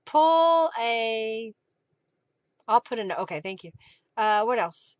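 A woman's voice: medium pitch, moderate pace, no echo, clean studio sound. A woman hosting a live craft session, chatting casually and reading viewer comments aloud with frequent laughs. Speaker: craft livestream host.

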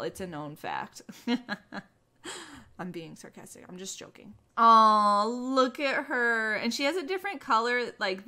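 A woman's voice: a little high, pushed and bright. A young woman casually commenting on her gameplay, bubbly and gushing, full of "oh my gosh" and "like". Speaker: gaming YouTuber.

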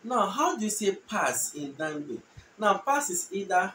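A man giving a casual language lesson, repeating short phrases slowly so learners can follow. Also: high-pitched, sing-song, a bit bright. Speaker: language teacher. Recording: echoey room, distant mic, faint noise.

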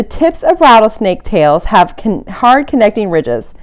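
A woman's voice: medium pitch, unhurried. A woman leading a family camp, reading a picture book to children with playful sound effects, then giving simple at-home activity tips. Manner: animated read-aloud, playful sound effects.

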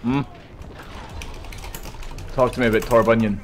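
A man's voice: mid-range voice, steady tone, measured pace, a little hiss or hum. A man recording a casual gaming session, teasing and goading a player in voice chat with mock politeness. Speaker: gaming video maker. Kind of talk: casual gaming banter with friends.

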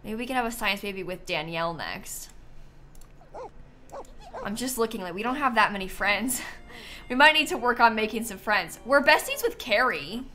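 Chatty woman streamer, lively pitch. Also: moderate pace, long pauses. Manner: chatty, thinking aloud while playing. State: sleepy, yawning. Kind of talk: casual gameplay commentary.

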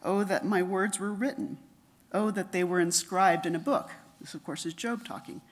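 A middle-aged woman giving a conference lecture, reading her paper in a measured way and dropping softer for quotations. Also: lowish voice, a little hiss or hum. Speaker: conference speaker.

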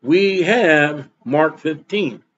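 A man's voice: on the high side, extremely slow, fairly bright tone, muffled recording. A man preaching a sermon as pastor, emphatic and repeating his points for stress.

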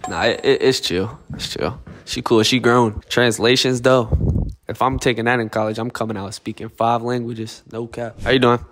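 A man's voice: mid-range voice, fairly even intonation, normal speed, a bit bright, soft background music. Laid-back slangy young man host. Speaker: host interviewing contestants. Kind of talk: casual joking chat.

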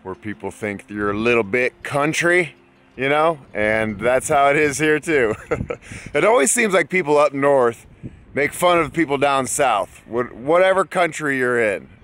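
A man's voice: mid-range voice, lively intonation, measured pace, a bit bright. An American man chatting casually and enthusiastically to his viewers while out on a bike ride. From United States. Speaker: travel vlogger. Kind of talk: casual travel vlog. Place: outdoors, riding a bike.

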